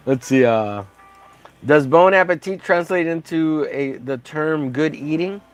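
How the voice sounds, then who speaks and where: A man's voice: a little high, measured pace, faint music behind. A man chatting casually on a livestream while painting, rambling and joking at his own expense. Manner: rambling, jokey, self-deprecating. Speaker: livestreaming artist.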